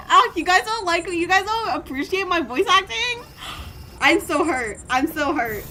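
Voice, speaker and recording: With game music playing behind her, a woman from Germany gives casual, jokey gameplay commentary while streaming, reading in-game text aloud. She speaks at normal speed in a very high-pitched voice, lively and playful throughout.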